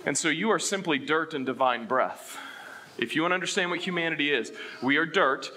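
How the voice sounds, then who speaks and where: A pastor with a somewhat high voice preaches a little fast, putting questions to the congregation. He swings between loud emphasis and hushed statements.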